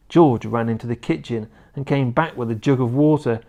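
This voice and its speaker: A man reading a children's book aloud in an expressive storytelling manner. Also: mid-range voice, moderate pace, hardly any pauses.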